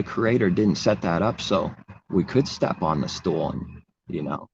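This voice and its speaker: A man's voice: low-pitched, moderate pace, creaky, slightly rough, dull audio. A man giving an informal, rambling sermon in a conversational way. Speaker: preacher. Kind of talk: informal live-stream sermon.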